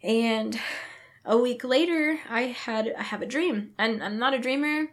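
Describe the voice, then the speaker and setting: A woman's voice: a little high, measured pace. Earnest pregnant woman sharing her testimony. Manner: earnest, reenacts her own thoughts and others' words. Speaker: podcast guest. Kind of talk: emotional personal testimony.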